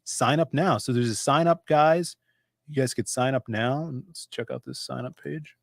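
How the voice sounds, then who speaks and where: A man's voice: medium pitch, normal speed, no room sound, studio quality. A man hosting a comics livestream in casual chat, chatty and jumping from topic to topic. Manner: chatty, jumps between topics.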